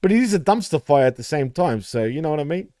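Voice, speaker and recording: A man's voice: a little high, sing-song, fast, mellow, no echo, studio quality. A man, co-hosting a casual podcast chat with profane, laughing banter. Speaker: podcast co-host.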